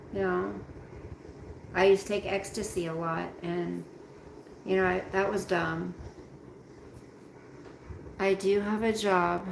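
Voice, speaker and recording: A tired woman hosts a relaxed livestream, slowly rambling and greeting viewers by name. Her voice has a gravelly edge and sounds tired. The room is echoey, with a faint hum behind her. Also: on the low side. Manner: slow, rambling, talks straight to chat by name. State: tired, yawning. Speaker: livestream host reading chat. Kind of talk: casual live chat with viewers. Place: at home, roomy room.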